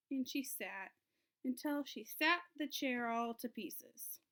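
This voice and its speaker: A woman teacher reading a storybook aloud to children, in an expressive storytelling way. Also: on the high side. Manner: expressive, sing-song storytelling.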